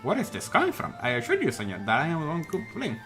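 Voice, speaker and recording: A man voicing a suave male con-man bird who poses as a Spanish prince and tells things as a smooth, theatrical story. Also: a little high, wildly swooping pitch, fast, voice pushed up. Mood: evasive. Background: game music.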